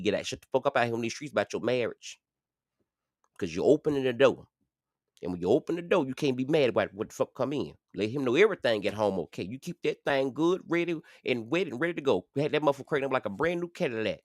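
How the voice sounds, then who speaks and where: Profane ranting man in his forties, dry. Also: dry recording. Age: 40s. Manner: profane, rambling, jumps high and loud when ranting. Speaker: live stream host. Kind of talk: casual live commentary rant.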